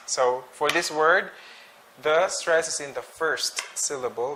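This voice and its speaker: A man teaching an English pronunciation drill, saying each word slowly and twice with short explanations. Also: a little high, background noise. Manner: slow, deliberate, repeats each word twice.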